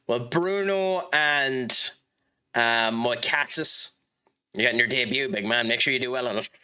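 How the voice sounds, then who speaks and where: A man streaming a football management game, chatting with viewers in a rambling way and reacting loudly to the match. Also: medium pitch, a little slow, clear, resonant tone. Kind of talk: live gaming stream chat and match commentary.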